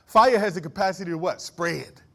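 High-voiced preaching pastor, call and response. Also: male voice, fairly quick, bright, forceful tone. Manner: call-and-response preaching, rising to emphatic declarations. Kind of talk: sermon. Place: church.

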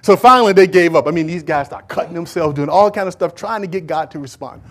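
A male preacher delivering a sermon, retelling a Bible story in a lively, conversational way and swinging between loud and hushed delivery. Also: on the high side, fast. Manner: animated storytelling, acting out biblical figures.

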